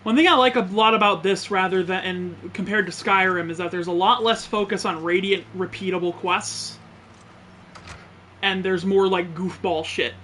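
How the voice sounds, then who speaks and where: A man's voice: high-pitched, steady tone, normal speed, bright, forceful tone, a little hiss or hum. A man streaming a game, giving joking, profane, blunt commentary. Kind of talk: casual gameplay commentary.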